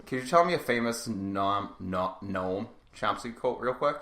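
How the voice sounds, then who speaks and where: A young man co-hosting a casual podcast and running the soundboard, deadpan and teasing. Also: fairly low pitch, very noisy. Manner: deadpan teasing, quick explanations. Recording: roomy echo.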